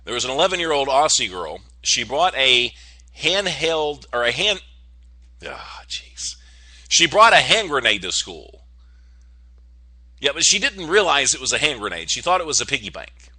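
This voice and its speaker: A man's voice: mid-range voice, very animated, normal speed, sharp tone, no echo. A man hosting his own online show, talking casually and joking his way through news stories with rambling asides. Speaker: podcast host. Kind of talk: casual comedic monologue.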